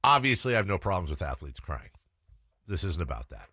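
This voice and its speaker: An opinionated male sports radio host with a lowish voice that swings widely in pitch. He thinks aloud on a dry, close studio mic. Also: very animated, a little fast, pushed and bright, no echo.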